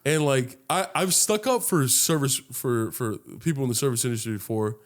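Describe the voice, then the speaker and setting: A man's voice: medium pitch, moderate pace. A young man from Los Angeles, co-hosting a casual podcast chat, telling stories with lots of swearing and acting out other people's voices. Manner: animated storytelling, heavy swearing, acts out voices. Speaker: podcast co-host.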